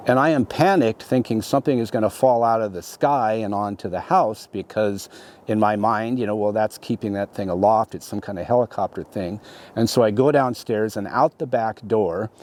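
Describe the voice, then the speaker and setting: A middle-aged man talks through a long story as an interview guest, in a low, dark, relaxed voice. He rambles and stalls, restarting his phrases and leaning on "you know" as he goes. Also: moderate pace. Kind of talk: conversational storytelling.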